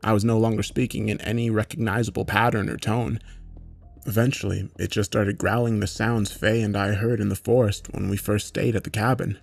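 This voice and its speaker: A man narrating a horror story in a measured, matter-of-fact way, with occasional swearing. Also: on the low side, little pitch movement, gravelly, faint music behind.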